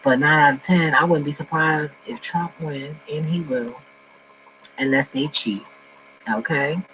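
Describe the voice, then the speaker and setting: A man ranting casually and profanely to his viewers from home, swinging between loud outbursts and low mumbling. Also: steady tone, measured pace. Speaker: vlogger. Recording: dull lo-fi recording with faint mains hum.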